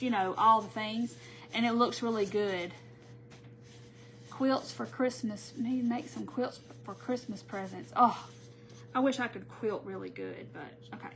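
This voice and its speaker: A woman hosts a live crafting tutorial, chatting casually and greeting viewers by name as she works. Her voice is a little high with a fairly bright tone, and there is slight background noise.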